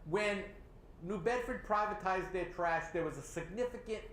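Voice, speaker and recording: A man with a New England accent hosting a local talk show, animated and sarcastic as he criticizes city leaders. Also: high voice, moderate pace. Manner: animated, sarcastic, mocks others in put-on voices. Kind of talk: opinionated local politics discussion. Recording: echoey room with faint ambient noise.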